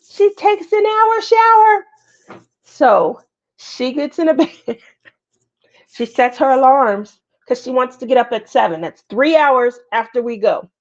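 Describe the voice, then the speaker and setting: A middle-aged woman hosting a casual craft livestream, chatting with viewers by name and laughing often. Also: a little high. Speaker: livestream host. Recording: slightly muffled livestream audio.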